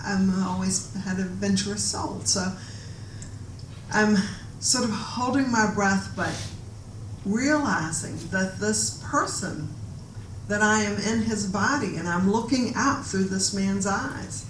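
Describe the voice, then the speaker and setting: Woman, reflective storytelling talk, distant mic, roomy echo, faint hiss. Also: mid-range voice. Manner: reflective, with pauses and restarts. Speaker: guest speaker. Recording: echoey room from far off.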